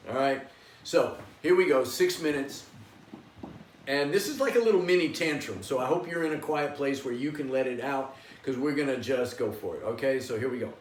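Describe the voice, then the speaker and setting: A man with a slightly raised pitch guides a meditation class, coaxing listeners along and breaking into loud, forceful chants. His voice rings around an echoey room, and he sounds set back from the microphone. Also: normal speed, recorded from a distance. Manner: encouraging, coaxing listeners to join in. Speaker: yoga and meditation teacher.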